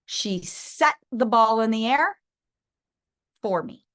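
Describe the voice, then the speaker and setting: A woman trainer teaching her team, telling stories and acting out phone calls with lively energy. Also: on the high side, takes it slowly. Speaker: sales trainer.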